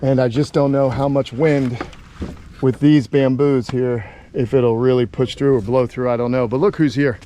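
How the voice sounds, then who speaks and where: A man of middle pitch chats in a relaxed, friendly way while he walks around an outdoor animal camp. He often stops to coo affectionately at his animals. Faint outdoor ambience sits behind his voice. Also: normal speed, slight background noise. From Florida. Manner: chatty, talks fondly to his animals. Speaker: animal caretaker and vlogger. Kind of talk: casual walk-and-talk vlog.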